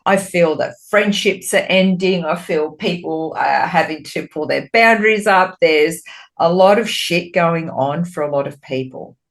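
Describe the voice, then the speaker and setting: A woman, a spiritual medium and podcast co-host, talking in a candid, expressive way in casual chat, swearing freely and getting animated when she retells her talks with spirit. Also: fairly low pitch, unhurried.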